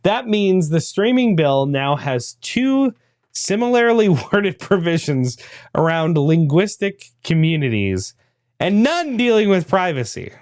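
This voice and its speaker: A man's voice: sits high, sing-song, measured pace, a little mellow, dry recording. Man reading news with wry asides. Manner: dry, laughing asides. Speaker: podcast host. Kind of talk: reading a news article aloud with commentary.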